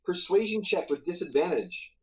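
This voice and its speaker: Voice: medium pitch, expressive, moderate pace, a crowd in the background, low-quality recording. A game master narrating a live-streamed tabletop game in a playful, chatty way, laughing often.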